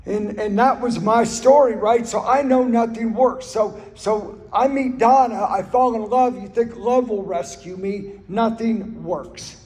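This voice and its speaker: A man's voice: sits high, a little slow, few pauses, a little mellow. A man giving an earnest personal recovery talk, telling stories and repeating phrases for emphasis. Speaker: speaker sharing his recovery story. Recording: reverberant hall recording.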